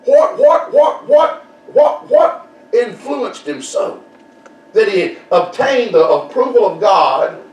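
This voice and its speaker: A man preaching a folksy Baptist sermon, repeating phrases and drawing answers from the congregation. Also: high-pitched. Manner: folksy, repetitive, call-and-response preaching. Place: church sanctuary. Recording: echoey church room, distant mic.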